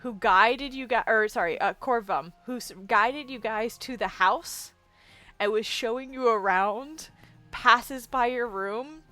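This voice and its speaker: A woman narrating a tabletop game as game master, describing scenes in a lively way. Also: a little high, unhurried, dry recording, faint music behind.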